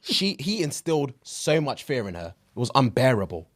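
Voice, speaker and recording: A man co-hosting a casual podcast chat, laughing often as he tells animated stories. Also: medium pitch, normal speed. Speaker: podcast co-host.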